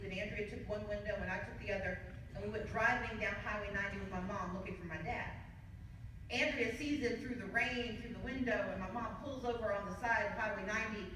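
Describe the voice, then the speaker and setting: A woman from the Mississippi Gulf Coast delivers a storytelling campaign speech at a gala, measured and building through repetition. Her voice is heard from a distance across a large hall, with strong echo and steady background noise. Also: mid-range voice. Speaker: keynote speaker at a party gala. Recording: echoey hall, distant mic.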